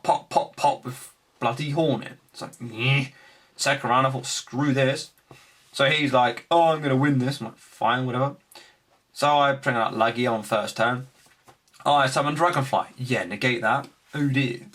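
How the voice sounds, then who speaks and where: A young man casually recapping his card game tournament, animated, acting out his opponents' remarks. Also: mid-range voice, measured pace. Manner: animated storytelling, acts out opponents' lines.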